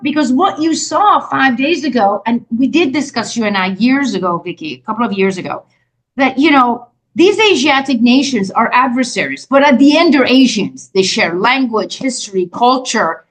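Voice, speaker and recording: High, emphatic woman co-host. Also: expressive, normal speed, poor audio. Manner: emphatic, tells examples, overlaps with agreement. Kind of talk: casual political chat. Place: home, lives by the ocean in Florida.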